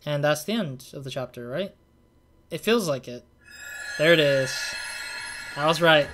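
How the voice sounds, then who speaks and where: A young adult man talks through a game as he plays, chatting casually and thinking out loud. His voice sits a little higher than most men's, and he rambles, trailing off and circling back with plenty of filler words. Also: animated, measured pace, noisy background. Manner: rambling, thinking aloud with many "like" and "kind of". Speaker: let's play gamer.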